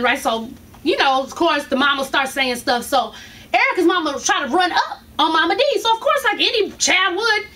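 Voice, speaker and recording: High, bright-voiced woman gossiping animatedly. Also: a little fast. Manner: animated storytelling with laughs and acted quotes. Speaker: reality TV recap host. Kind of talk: casual gossip recap. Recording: distant mic with faint noise.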